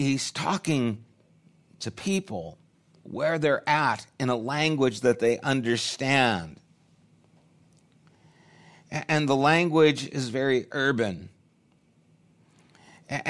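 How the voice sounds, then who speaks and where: A man giving a sermon in a relaxed, conversational tone. His voice sits at a medium pitch. He thinks aloud as he goes, often restarting his phrases as he works through a point. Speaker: pastor.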